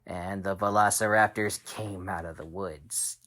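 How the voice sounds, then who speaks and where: A man telling an improvised bedtime story to a child, animated, with sound effects and dramatic pauses. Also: medium pitch. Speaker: storyteller dad.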